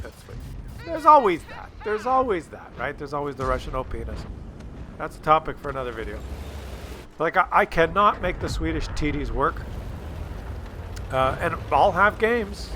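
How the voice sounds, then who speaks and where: Male gaming host, slightly higher voice, rambling, jokey, excitable commentary. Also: background noise. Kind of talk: casual gameplay commentary.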